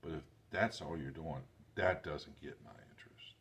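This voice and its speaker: A man's voice: rumbling low, moderate pace, a bit bright, slightly rough. A man in his forties with grandchildren, talking casually and rambling to camera in his workshop vlog, with loose, self-deprecating grammar. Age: 40s. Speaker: YouTube creator.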